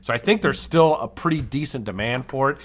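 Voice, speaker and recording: A man's voice: medium pitch, animated, brisk, breathy edge. A man hosting a live vape review show, talking casually and enthusiastically and swearing freely.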